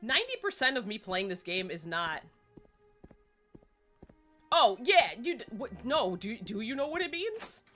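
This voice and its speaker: A woman's voice: mid-range voice, sharp tone. A woman live-streaming a game in casual chat, rambling along and laughing often. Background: faint game music.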